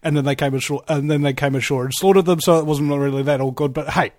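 A man's voice: on the high side, fairly even intonation, quick pace, darkish tone, dry recording. A man hosting an interview conversation, hesitant with frequent fillers as he tells stories. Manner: hesitant, many fillers, storytelling. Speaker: host.

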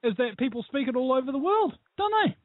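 A man's voice: extremely high pitch, fast, dry recording. Opinionated New man on a tinny call. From New Zealand. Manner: opinionated, digressive, animated. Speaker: guest, radio show host. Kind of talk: call-in interview over Skype. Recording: tinny dry internet call line.

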